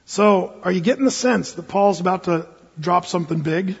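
A man's voice: high voice, moderate pace, gravelly, breathy edge. A man preaching a sermon as pastor, earnest and emphatic, often asking his listeners questions. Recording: dull sound with long hall reverb.

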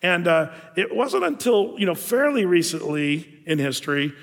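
A middle-aged man from Southern Oregon preaches a sermon in a loose, chatty way, stumbling over restarts and fillers. His voice sits a little high for a man. It rings out with a long reverb, as in a large hall. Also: big pitch swings, moderate pace. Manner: conversational, many fillers and restarts. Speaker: pastor.

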